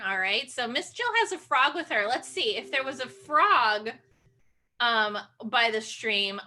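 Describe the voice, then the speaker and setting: A woman's voice: on the high side, pushed and bright. A woman leading an online children's sing-along, speaking in a playful, encouraging way with gasps and animal noises over a video call.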